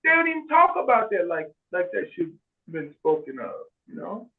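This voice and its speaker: A man telling stories in casual chat on a video call, animated, acting out quoted voices and often restarting his sentences. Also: high-pitched, moderate pace. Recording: tinny phone-like video call audio.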